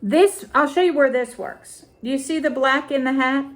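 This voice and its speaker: A middle-aged woman hosting a crafting vlog, talking casually and deliberately as she shows ribbons and ornaments, often repeating her phrases. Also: high-pitched. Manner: slow, deliberate, repeats phrases while showing items. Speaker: crafting vlogger.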